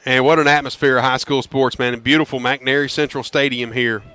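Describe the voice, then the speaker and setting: Folksy football announcer, bright voice. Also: male voice, medium pitch, fairly quick, clear, resonant tone. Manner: folksy, erupts into loud excited calls on big plays. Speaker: play-by-play announcer. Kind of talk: high school football radio commentary. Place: stadium press box.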